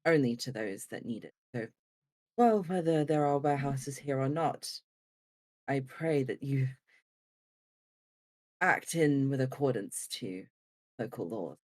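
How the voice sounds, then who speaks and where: A player doing a stern, lower-voiced lawful guardian. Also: lively intonation, unhurried, long pauses, lightly acted. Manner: lecturing, formal and stiff. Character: stern lawful male beast-folk guardian, stiff.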